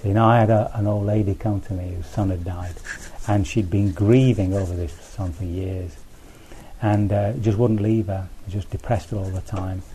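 A man with a low, mellow voice gives a relaxed dharma talk. He speaks conversationally, restarting phrases and checking in with his listeners. Faint noise sits under the recording. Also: normal speed. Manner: conversational, thinks aloud with restarts and asides. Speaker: Buddhist teacher.

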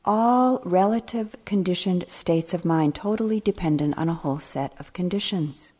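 Low husky older woman teaching meditation. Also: dark tone. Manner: slow, reflective, trailing phrases, sometimes dropping to a near whisper. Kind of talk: dharma talk.

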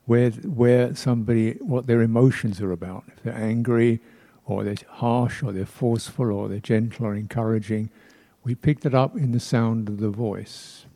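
A man giving a dharma talk as a Buddhist teacher, reflective and unhurried, pausing often with soft laughs and playful imitations of speech sounds. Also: mid-range voice, fairly even intonation. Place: temple hall.

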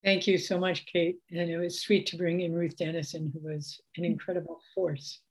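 A woman in a meditation group, speaking softly and hesitantly as she shares. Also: on the low side, little pitch movement, normal speed, husky, poor audio. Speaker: group member asking a question.

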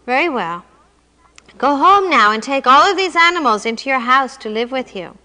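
A woman voicing a calm, wise old rabbi who speaks serenely and gently, reading him aloud in a story. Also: sits high, normal speed, big-room sound, full character voice.

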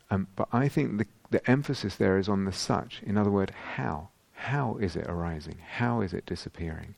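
A meditation teacher answers a retreat question in a man's low, gravelly voice, with a dry, close sound. He thinks aloud, restarts his sentences and searches for words as he goes. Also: a little fast, hardly any pauses, darkish tone, dry recording. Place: meditation hall.

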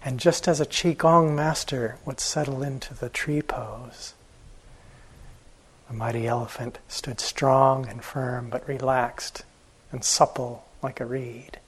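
A man, a meditation teacher, telling an old fable in a gentle, unhurried way during a morning talk. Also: medium pitch, fairly even intonation, husky, rough recording.

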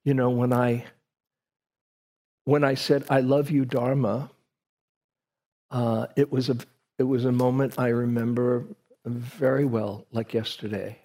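A man's voice: mid-range voice, flat delivery, unhurried, a little mellow. A man giving a reflective dharma talk to a group, telling a personal story with frequent restarts.

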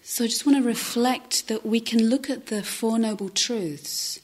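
A woman giving a reflective meditation talk, speaking softly and haltingly, often dropping to a near-whisper. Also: fairly high pitch. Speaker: meditation teacher.

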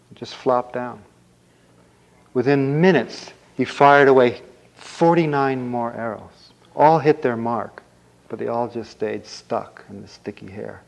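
A man who teaches meditation, telling a folk tale during a dharma talk. He narrates in an animated way and acts out sound effects. His voice sits at a middle pitch, and the recording sounds dull and lo-fi.

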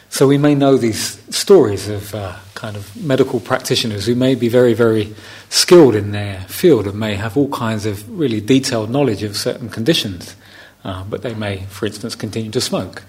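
A man, a meditation teacher giving a gentle, reflective dharma talk on a retreat. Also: mid-range voice. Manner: gentle, reflective, unhurried with soft laughs.

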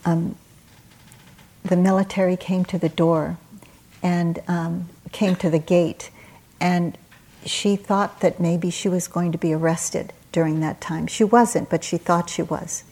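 A woman meditation teacher giving a dharma talk at a retreat, telling stories in a gentle, unhurried way with soft pauses. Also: fairly low pitch, steady tone.

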